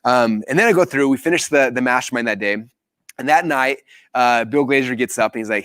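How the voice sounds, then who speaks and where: A man hosting a live business training, telling a story with animated acted-out quotes. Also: quick pace, dry recording, clean studio sound. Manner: animated storytelling, acts out quotes with big pitch jumps.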